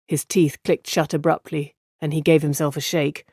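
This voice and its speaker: A man's voice: fairly high pitch, level tone, normal speed, few pauses, darkish tone, no room sound, clean studio sound. A man reading a fantasy novel aloud as narrator, giving the characters' dialogue small shifts of voice. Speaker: audiobook narrator. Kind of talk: scripted narration.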